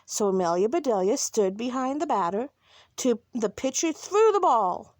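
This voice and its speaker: A woman reading a children's picture book aloud in an expressive, animated way. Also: fairly high pitch, moderate pace, no room sound, studio quality. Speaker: storybook reader.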